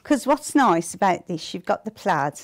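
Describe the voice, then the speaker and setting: A woman's voice: lowish voice, very animated, normal speed. A woman, a guest crafter on a live shopping show, giggly and chatty as she shows her work. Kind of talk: live TV sales chat.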